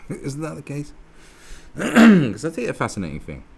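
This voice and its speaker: A man's voice: a little high, huge pitch swings, unhurried, creaky. A man giving a sweary, sarcastic, rambling political rant with many restarts. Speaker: political commentator. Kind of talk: ranting monologue.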